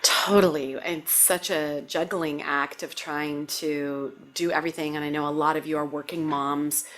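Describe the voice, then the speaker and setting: A woman's voice: low-pitched, fairly even intonation, normal speed, fairly bright tone. A middle-aged woman hosting a casual talk show, chatting in a loose, conversational way full of "like" and "you know". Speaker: podcast host. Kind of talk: casual chat.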